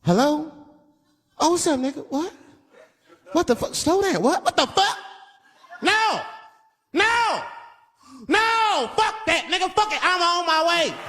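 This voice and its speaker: A man plays a limo driver whose voice shoots up into shrill, panicked cries. His pitch swings wildly from line to line. It carries the long echo of a live stage with an audience behind it. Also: lively intonation, moderate pace, long pauses. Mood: alarmed. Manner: rising into high panicked yelps. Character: frantic male limo driver on a phone call.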